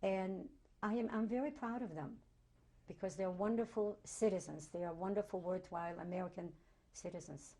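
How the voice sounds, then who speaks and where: A woman in her sixties, a Holocaust survivor, telling her life story in an oral history interview, halting and repeating words for emphasis. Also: medium pitch, dark tone.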